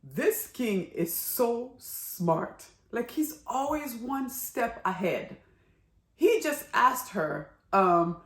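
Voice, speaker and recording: Brief: chatty woman drama reviewer, animated and exclamatory, in an echoey room. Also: on the high side, extremely slow. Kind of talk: casual review vlog.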